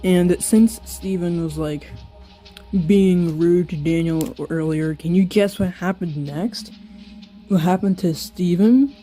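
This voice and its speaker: Giggly, slow-talking story reader. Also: mid-range voice, dark tone, faint music behind. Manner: giggly, self-mocking asides. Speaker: author reading an old story. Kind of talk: reading aloud with joking asides. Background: slowed-down song.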